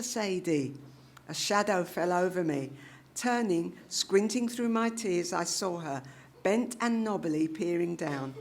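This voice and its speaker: A woman reading a short story aloud to an audience, animated and expressive as she voices the characters. Her voice sits low for a woman and carries a gravelly fry. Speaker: reader at a public reading. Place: live literary reading event.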